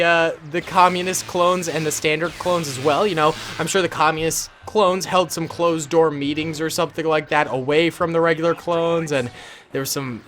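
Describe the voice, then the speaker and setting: A man's voice: on the high side, fairly bright tone, slight background noise. A man casually commentating a battle simulation game in a laid-back, enthusiastic way, with plenty of ums.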